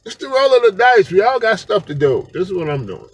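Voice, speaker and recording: High, lively-voiced man rambling to camera. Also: fairly quick, slightly rough. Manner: rambling, animated, laughs often, slangy. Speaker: vlogger. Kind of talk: casual unscripted monologue.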